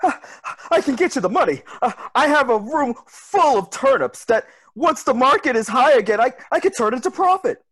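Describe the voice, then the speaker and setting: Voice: high voice, expressive, moderate pace, a bit bright. An actor doing a stammering, cowed father. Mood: pleading. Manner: stammering, pleading. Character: harried middle-aged father, scolding then cowering. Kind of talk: comedy sketch table read over video call.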